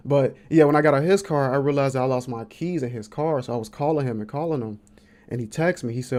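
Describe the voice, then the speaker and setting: Animated young man telling a story, mellow voice. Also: fairly quick. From American Midwest. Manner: animated storyteller, acts out quotes with big pitch jumps. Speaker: podcast host. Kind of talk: casual storytelling chat.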